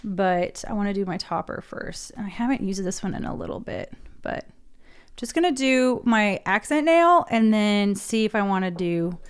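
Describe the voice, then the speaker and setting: This thirtysomething beauty vlogger narrates her own nail painting in a chatty home tutorial recorded on a desk mic. She has an expressive mid-range voice with a clean tone and a moderate pace.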